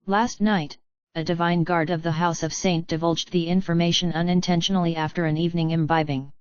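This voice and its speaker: A woman reading the lines of a shadowy male informant who reports in an indifferent, quiet way. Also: fairly high pitch, flat delivery, brisk, clean tone, no room sound, lightly acted. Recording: dull, lo-fi, dry.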